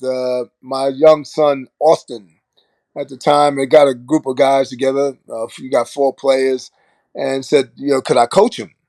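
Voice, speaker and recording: An older man tells a long story on a podcast, putting on voices for the people in it and laughing along. His voice sits at an ordinary middle pitch and is recorded close and dry, with no room sound. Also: no room sound. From Brooklyn, New York. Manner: animated anecdote-telling with laughs and acted quotes. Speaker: podcast guest. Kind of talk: storytelling in casual chat.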